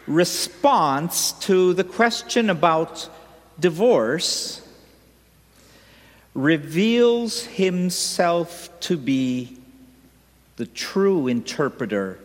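A man reading the gospel aloud and then preaching a homily at a church service, in a measured, deliberate delivery. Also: on the high side, expressive. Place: large church. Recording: reverberant church hall.

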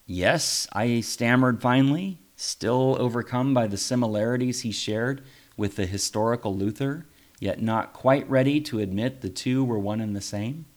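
A man's voice: mid-range voice, normal speed, darkish tone. A man, a pastor, reading his own first-person story aloud in a reflective, wry way.

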